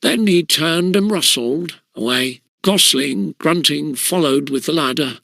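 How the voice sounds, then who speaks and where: A man narrating an audiobook of a classic school story in a lively storytelling manner. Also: fairly high pitch, a little slow, gravelly, dry recording.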